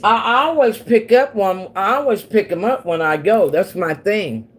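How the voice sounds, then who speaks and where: Speaking at a normal speed in a mid-range voice with a breathy edge, this livestream host from Missouri and Oklahoma in the central US rambles casually with her viewers. She laughs a lot as she talks.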